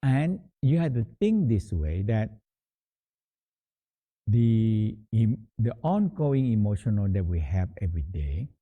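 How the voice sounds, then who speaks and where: A man guiding a meditation practice in a halting, repetitive teaching manner, often restating words as he explains. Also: fairly low pitch, big pitch swings, mellow. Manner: halting, repeats words, slow explanatory phrasing. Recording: tinny phone-like sound.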